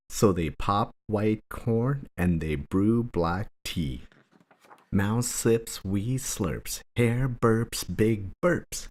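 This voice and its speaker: A man reading a children's picture book aloud as a bedtime story, in a gentle, rhythmic way. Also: deep voice, expressive, extremely slow. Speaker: storybook reader.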